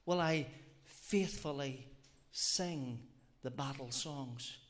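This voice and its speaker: A man's voice: mid-range voice, slow pace. A man preaching a sermon, earnest and reflective, often repeating phrases and asking rhetorical questions. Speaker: lay preacher.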